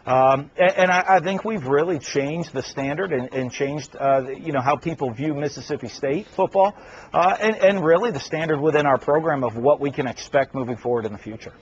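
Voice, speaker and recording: Man, football coach, husky, earnest, halting, muffled lo-fi sound. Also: on the high side. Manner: earnest, halting, many fillers. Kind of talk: radio interview.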